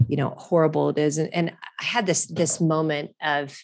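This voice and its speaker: A middle-aged woman with a notably low, deep voice hosts her own podcast. She talks in a loose, candid, chatty way, restarting her sentences and dropping casual profanity. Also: steady tone, normal speed, gravelly, darkish tone. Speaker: podcast host. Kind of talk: casual solo podcast monologue.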